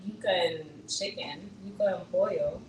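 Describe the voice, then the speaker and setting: A woman chatting live with her viewers, answering comments and talking back with animated emphasis. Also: fairly low pitch, slow pace. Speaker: vlogger answering live chat. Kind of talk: casual live-stream chat. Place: indoor room on vacation. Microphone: phone on a gimbal. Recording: echoey room, far from mic, noisy.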